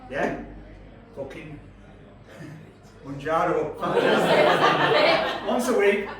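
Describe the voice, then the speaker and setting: A Yorkshire man in his fifties does a brash, sweary stand-up set on a comedy club stage, teasing the crowd as he tells stories. His voice is fairly high, very slow, with lively intonation; the club is echoey, he's far from the mic, and the audience laughs.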